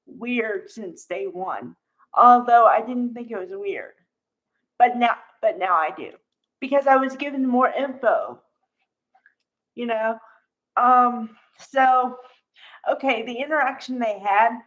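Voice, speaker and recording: A woman casually recapping a soap opera for her viewers, chatty and full of fillers and asides. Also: a little high. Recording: dull lo-fi recording.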